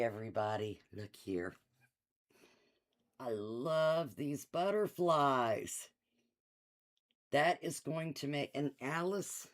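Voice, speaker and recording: Chatty woman hosting a slow, easygoing shop livestream. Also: extremely low pitch. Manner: chatty, enthusiastic, laughs often, reads out item numbers. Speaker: quilt shop host. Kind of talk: casual live-stream sales chat. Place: quilt shop.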